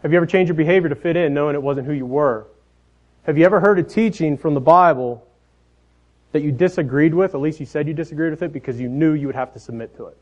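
A man in his thirties preaching a sermon, telling family stories in a folksy way, often dropping softer at the ends of his phrases. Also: a little high, fast. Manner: folksy storytelling, trailing off softly at phrase ends. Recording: dull lo-fi sound.

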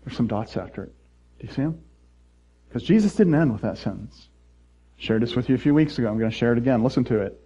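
A middle-aged man preaching a sermon as pastor, playful and animated, jumping from loud mock voices to quiet earnest asides. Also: medium pitch, fast, pauses often, husky, highs cut off.

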